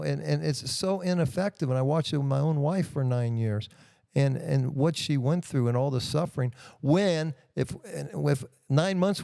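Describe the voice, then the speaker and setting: Male host, earnest and heartfelt, mellow dry tone. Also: mid-range voice, gravelly, no room sound. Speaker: podcast host. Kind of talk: casual interview.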